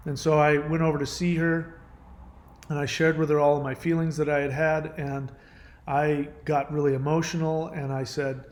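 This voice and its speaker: A man's voice: a little high, flat delivery. Earnest man telling a painful story. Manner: halting, many restarts and fillers, earnest. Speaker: caller sharing a personal story. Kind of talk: emotional personal account.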